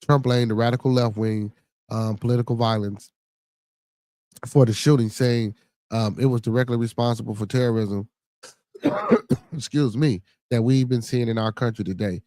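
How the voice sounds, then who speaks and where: A man's voice: mid-range voice, steady tone, normal speed, long pauses, dark tone, no room sound. A man with a Chicago accent hosting a podcast, chatting casually in a rambling, profane way and reading news stories aloud. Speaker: podcast host.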